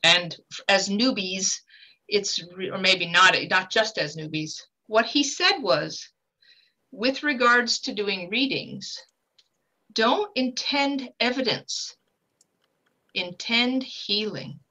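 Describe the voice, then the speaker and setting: Woman, guest medium, bright voice, earnest and animated, mid-pitch. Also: slow, poor audio. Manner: earnest, animated storyteller with emphatic pitch swings. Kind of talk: conversational teaching talk.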